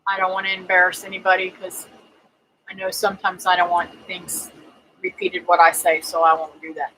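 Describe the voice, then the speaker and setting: A woman's voice: on the low side, monotone, normal speed, background noise. A woman hosting a casual homestead livestream, chatting and greeting viewers by name with lots of ums and uhs. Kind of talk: casual livestream chat reading viewer comments.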